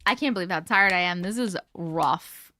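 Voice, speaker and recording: A Colorado woman in her early thirties runs a relaxed livestream, yawning and sounding drowsy while she chats, giggles and reads viewer comments. Her voice sits on the low side, bright and forceful, at a moderate pace.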